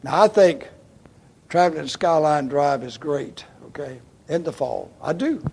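A man's voice: on the high side, lively intonation, unhurried, gravelly, breathy edge. An older man pastor delivering an emphatic sermon, addressing the congregation as folks and checking in with okay. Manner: emphatic, repeats "okay?" and "folks", swings from loud to hushed.

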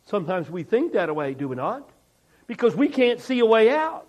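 A man with a strikingly high voice preaching a sermon. He talks to his congregation conversationally, stumbling over and repeating words, then presses hard on rhetorical questions. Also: very animated, moderate pace, dull audio. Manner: conversational preaching with frequent repetitions and restarts; rising emphatic delivery on rhetorical questions. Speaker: pastor.

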